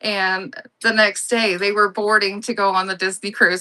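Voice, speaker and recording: Chatty woman host for a live online sale, bright and gushing, telling rambling stories between lots. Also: mid-range voice, flat delivery, moderate pace. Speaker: live online auction seller. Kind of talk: casual live-selling chat.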